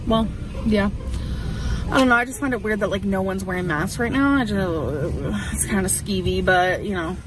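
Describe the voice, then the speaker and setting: A woman's voice: mid-range voice, normal speed, background noise. A woman vlogging from a parked car, rambling and chatty as she talks to her subscribers. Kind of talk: casual vlog chat.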